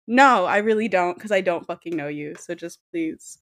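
A woman's voice: fairly low pitch, normal speed, fairly bright tone, dry recording. Young woman, podcast co-host, casual chat, blunt and profane, acts out quotes, dry close sound.

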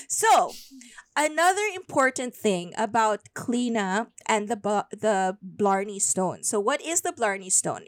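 A woman hosts a podcast in a loose storytelling manner and drifts into Tagalog mid-sentence. Her voice sits a little high. The sound is dry and close. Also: fairly bright tone, dry recording. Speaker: podcast host. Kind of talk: casual storytelling chat.

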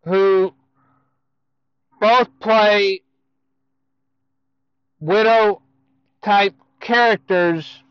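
A man giving casual movie news to viewers, speaking in a halting way with self-corrections and asides. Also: high voice, clear, resonant tone, dry recording, lo-fi sound.

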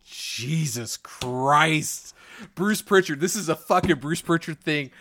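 A man's voice: fairly high pitch, lively intonation, slow, a bit bright, a little hiss or hum. A man co-hosting a casual wrestling podcast, ranting in exasperation with heavy swearing. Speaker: podcast co-host.

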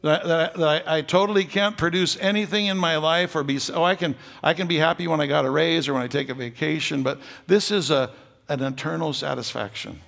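An older man preaching a sermon as pastor, folksy and joking, building to loud emphatic stretches. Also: fairly high pitch, fairly quick, gravelly. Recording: long hall reverb.

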